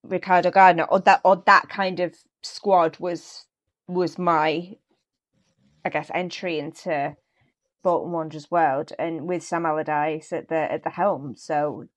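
A woman, a guest telling stories in a lively, animated way over a remote call. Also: low voice, a little slow. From England. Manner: lively, animated storytelling with laughs. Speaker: guest, actor and football fan. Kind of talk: casual podcast chat over a call.

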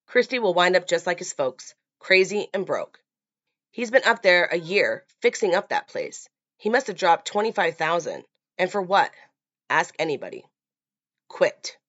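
A woman voicing a gloomy older local man who warns of doom, slow and ominous, in a dull lo-fi recording. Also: on the low side, big pitch swings, fairly bright tone.

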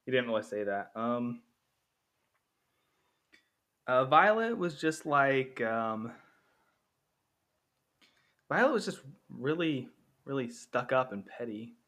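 A man talks through a casual podcast monologue, rambling with plenty of ums and uhs and slipping into quoted lines. His voice is bright and forward, with a middling pitch. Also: sing-song, slow, long pauses. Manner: rambling, with many fillers, acting out quotes. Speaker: podcast host. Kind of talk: casual movie comparison monologue.

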